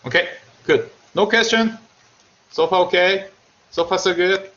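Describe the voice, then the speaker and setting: Male lecturer, Korean accent, highish voice, lively jokey delivery, dull lo-fi online class sound. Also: measured pace. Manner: joking, animated, repeats himself. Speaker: university lecturer. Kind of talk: remote university lecture.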